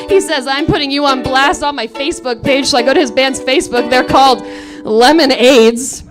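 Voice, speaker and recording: A woman in her late twenties with a high voice half-sings a wry, profane comic story. Bright ukulele strumming runs under her the whole time on a live saloon stage. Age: late 20s. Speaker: comedic singer-songwriter. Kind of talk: comedic storytelling song with spoken asides. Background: her own ukulele accompaniment.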